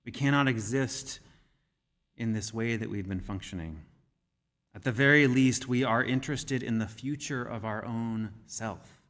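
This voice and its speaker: Male minister, mid-pitched, measured sermon delivery, recorded in a reverberant sanctuary. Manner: measured, gentle storytelling. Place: church sanctuary. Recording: reverberant church hall.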